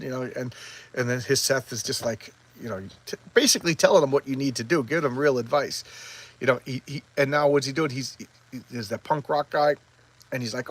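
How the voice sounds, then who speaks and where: Man, mid-pitched voice, casual comic review, rambling, excitable retelling. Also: brisk, poor audio.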